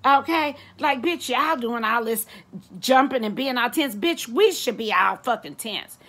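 A woman's voice: a little high, expressive, unhurried, a bit bright. A woman vlogger delivering a blunt, profane comedic rant straight to camera. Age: adult.

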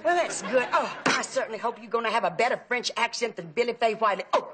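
Actress playing a talkative aunt, fussy about words, noisy sitcom audio. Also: female voice, on the high side, fast, close to an everyday voice. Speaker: Aunt Frida, chatty relative. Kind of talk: sitcom acting. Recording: TV sitcom audio with audience laughter.

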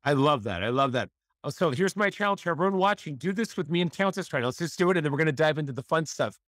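A man's voice: on the high side, animated, fast, fairly bright tone, no echo, clean studio sound. Upbeat man in his fifties hosting. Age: 50s. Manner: upbeat, enthusiastic, laughs often. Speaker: podcast host. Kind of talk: casual interview chat.

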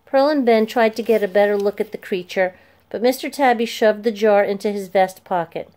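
A woman reads a children's chapter book aloud, her storytelling voice clear and steady. She speaks at a medium pitch and keeps a brisk pace.

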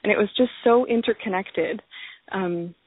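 A woman's voice: mid-range voice, normal speed, slightly rough. A woman guest in casual conversation who talks with enthusiasm, often laughs and repeats her words. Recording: tinny phone line.

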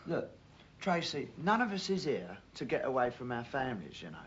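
An actor playing a cocky, joking young builder with a Geordie accent in a 1980s TV comedy-drama, matey and kind at heart. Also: male voice, medium pitch, big pitch swings, fairly quick, lightly acted. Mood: steady, kindly. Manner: joking, matey, calls people love and son. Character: cocky young male builder abroad, jokey but decent. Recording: dull lo-fi TV audio, faint hiss.

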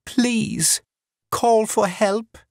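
Brief: man doing a frightened woman, high and gasping, a bit distant. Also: fairly even intonation, drawn-out words, dry recording, clean studio sound. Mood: terrified pleading. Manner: pleading, gasping. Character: terrified wounded woman begging for help.

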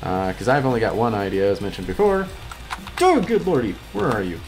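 Excitable man doing game commentary. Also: fast talker, faint music behind. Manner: excitable, yelps high-pitched when upset. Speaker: gaming video host. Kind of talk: gameplay commentary.

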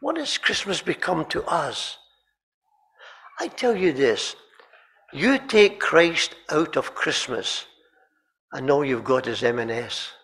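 Brief: man preaching in a chapel, lively swooping delivery, fry in the voice, restarts his words often. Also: on the high side, slow, long pauses. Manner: animated storytelling with frequent repeated words and throat-clearing. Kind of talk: sermon.

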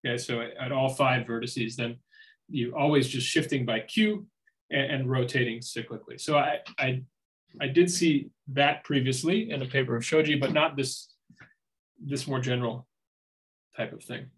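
A man delivers an academic lecture, working through his points aloud with frequent pauses and restarts. His voice sits at a middling pitch for a man. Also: rough recording. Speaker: seminar speaker.

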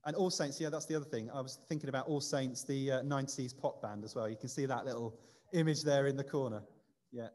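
In a church building, a man leads a light-hearted quiz during a service, chatty and self-deprecating. His mid-range, darkish voice is fairly even in intonation and quick, with the long reverb of a church hall around it.

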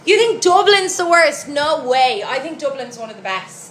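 A young Irish woman from County Louth, with the local accent, chats casually with her stream viewers, reading their comments aloud and giving blunt opinions between frequent laughs. Her voice is high and fairly bright, swinging widely in pitch at a normal speed. The recording has a roomy echo and a faint background hum.

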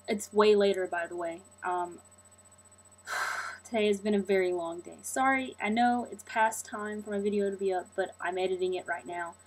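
A young woman talks casually to her viewers in a rambling, apologetic way. Her voice has a light husky quality. She runs on from thought to thought with plenty of fillers. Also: mid-range voice, fairly bright tone, poor audio. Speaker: vlogger. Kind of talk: casual vlog chat.

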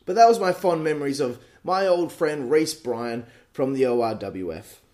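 A man in his late twenties with an Australian accent, telling crude, animated stories on a podcast and swearing freely. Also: medium pitch, normal speed. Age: late 20s. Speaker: podcast host. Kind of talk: casual storytelling monologue.

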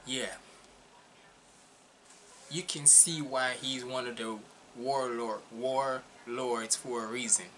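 Chatty excitable guy w/ a non-native english accent reacting to rap songs, bright sharp voice, faint hiss behind. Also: mid-range voice, slow pace, long pauses. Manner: excitable, chatty, laughs often. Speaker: reaction video host. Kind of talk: casual reaction commentary.

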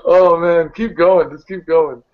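A man with a slightly high voice, steady in tone and a little slow, hosts a live video hangout of casual chat. He laughs hard and swears freely. The video call audio sounds slightly dull.

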